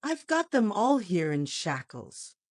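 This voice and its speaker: A woman's voice: lowish voice, big pitch swings, takes it slowly, dry recording, studio quality, heavily acted. A woman reading the part of a triumphant American male police chief who speaks emphatically. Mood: emphatic. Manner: emphatic, forceful.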